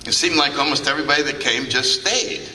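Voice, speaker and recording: A man's voice: mid-range voice, fast, pushed and bright, slight background noise. An older man giving a humorous, anecdotal talk to a convention audience, acting out the remarks he quotes. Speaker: recovery meeting speaker. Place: large convention hall. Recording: echoey hall, picked up from a distance.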